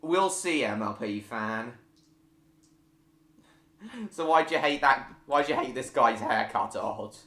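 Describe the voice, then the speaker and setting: Guy hosting a live stream, bright tone, lots of ums and restarts. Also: medium pitch, reverberant. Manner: chatty, halting with fillers and restarts. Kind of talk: casual live stream chat reading comments.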